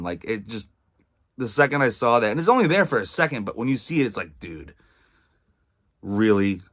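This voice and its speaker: A man's voice: mid-range voice, a bit bright. A man from Massachusetts giving a casual spoken film review, rambling and full of fillers, swearing freely. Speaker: movie reviewer.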